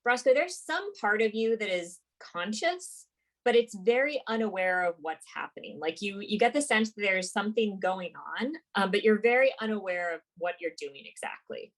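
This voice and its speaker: A woman runs a tabletop game at an ordinary pitch. She narrates in a relaxed, halting way, full of ums and likes as she describes the scene. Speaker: game master.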